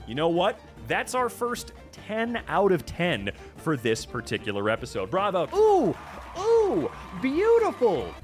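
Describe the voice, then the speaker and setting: Animated, sarcastic man streamer. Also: fairly high pitch, moderate pace, hardly any pauses, faint music behind. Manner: animated, profane, sarcastic rants. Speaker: VTuber streamer reacting to posts. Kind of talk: casual reaction commentary.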